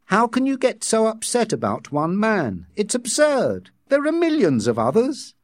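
A woman's voice: fairly high pitch, huge pitch swings, unhurried, darkish tone, no echo, clean studio sound, voice pushed up. A man voicing a blunt, practical young woman who gives matter-of-fact advice to a friend in a read-aloud story. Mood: brisk.

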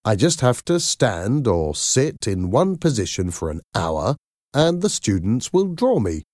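An eager, hopeful out-of-work father from a storybook, as a man reads his lines. His voice is lifted above the reader's own, and it bounces with lively ups and downs. The sound is close and dry. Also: lowish voice, a little slow, dry recording, voice pushed up.

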